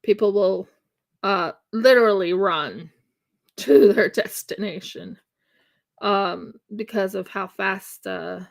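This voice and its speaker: A woman's voice: mid-range voice, slow pace, gravelly. An American woman chatting casually during a craft livestream, telling a funny story and acting out its dialogue. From United States. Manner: chatty, animated, acts out dialogue in her story. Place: home craft room.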